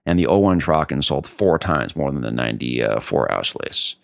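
Casting: low, gravelly man, fired-up wine importer, dry close sound. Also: animated, moderate pace, dry recording. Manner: passionate, emphatic, combative. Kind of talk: interview answer.

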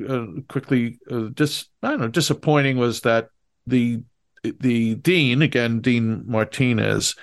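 A man cohosting a podcast, talking in a halting way with fillers and restarts. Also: medium pitch. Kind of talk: conversational commentary.

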